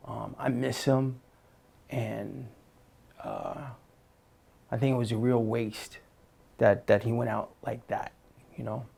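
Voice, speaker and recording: Man, gravelly voice, casual slangy storytelling, lots of "um" and "you know". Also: medium pitch, lively intonation, takes it slowly, pauses often, darkish tone. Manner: laid-back, slangy, many fillers and restarts. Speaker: actor and interview guest.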